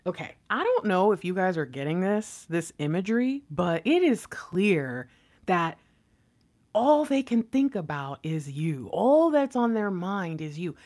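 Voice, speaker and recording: Giggly, rambling woman tarot reader with a lively, swooping voice. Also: lowish voice, a little slow. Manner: chatty and rambling, giggly, swears casually. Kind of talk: casual intuitive reading to camera.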